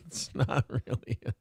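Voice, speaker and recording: A man's voice: a little mellow, no room sound, studio quality. A man hosting a casual show, joking crudely, laughing often and reading viewer chat messages aloud. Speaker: morning show host.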